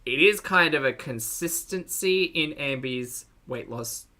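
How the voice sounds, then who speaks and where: Bright-voiced Australian commentator, wry. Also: medium pitch, expressive, unhurried. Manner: wry, teasing, thinks aloud with asides. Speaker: reaction commentator. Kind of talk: casual commentary over a played video.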